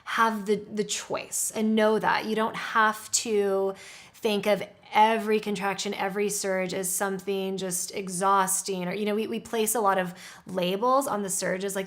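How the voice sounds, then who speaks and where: A woman at a middle pitch gives casual childbirth advice. She is reassuring and encouraging, and she leans on "like" as she talks. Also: little pitch movement, measured pace. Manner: encouraging, reassuring, says "like" a lot. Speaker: childbirth educator.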